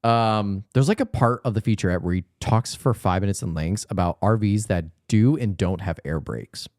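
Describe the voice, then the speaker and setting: A man's voice: lowish voice, no room sound, studio quality. A man co-hosting a movie podcast, animatedly retelling scenes in casual chat. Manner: animated retelling, slips into quick voices. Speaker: podcast co-host reviewing a movie.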